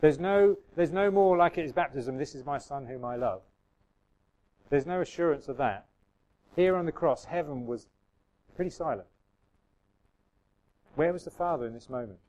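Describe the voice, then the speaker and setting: A man's voice: a little high, normal speed, long pauses, darkish tone, rough recording. A man preaching a sermon in a conversational way, reading scripture aloud and musing with restarts and asides to the congregation.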